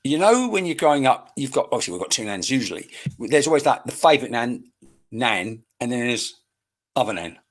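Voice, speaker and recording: A man's voice: mid-range voice, sing-song, a little fast. A man working as a psychic medium, giving a live-streamed reading in a searching, chatty way and speaking straight to viewers by name, into a computer microphone.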